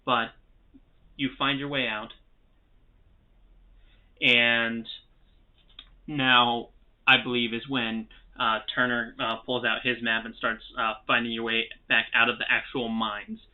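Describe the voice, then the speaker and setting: A man narrating as game master in a tabletop game, relaxed and halting with lots of filler pauses. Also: mid-range voice. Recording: tinny phone-like sound.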